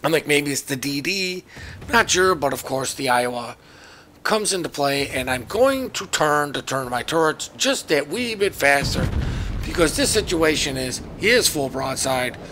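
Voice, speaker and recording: A man's voice: on the high side, animated, measured pace, sharp tone, a little hiss or hum. A man giving casual, joking commentary over his own naval battle game footage, chatty and self-mocking. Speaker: gameplay commentator.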